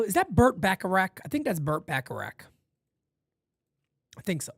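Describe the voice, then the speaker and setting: A man calling a baseball game live for fans from his home studio, shouting on big plays and muttering low asides between pitches. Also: sing-song, normal speed, vocal fry, no room sound. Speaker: play-by-play streamer. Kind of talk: live fan play-by-play commentary.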